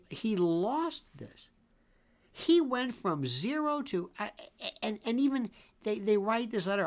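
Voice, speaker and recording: A man's voice: sits high, gravelly. A man in his sixties hosting a legal commentary show, emphatic and repetitive, swinging between exclamations and muttered asides. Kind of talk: opinionated commentary.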